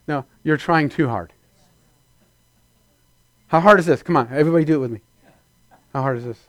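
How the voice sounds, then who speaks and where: A man preaches a sermon to his congregation in a loose, conversational style. He slips into playful put-on voices to act out little scenes. His voice sits a little high for a man and sounds dry and close to the mic. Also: animated, a little fast, long pauses, no echo. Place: church before a congregation.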